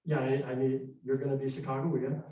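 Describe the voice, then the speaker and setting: A middle-aged man telling history live to an audience, animated and conversational, acting out voices. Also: medium pitch, fast talker, dull audio. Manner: animated, conversational, acts out dialogue. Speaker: historical storyteller. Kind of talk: live storytelling presentation. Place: arts center hall. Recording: echoey hall, distant mic.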